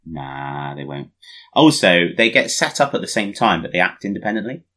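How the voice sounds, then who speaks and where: A tired man chatting casually about a tabletop wargame, relaxed and laughing easily. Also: deep voice, moderate pace. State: tired, yawning.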